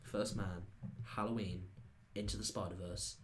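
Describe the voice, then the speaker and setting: Chatty man with a low voice on a noisy podcast. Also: level tone, a little slow. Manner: chatty, swears freely, bursts into loud laughs. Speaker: podcast co-host. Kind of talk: casual film podcast chat.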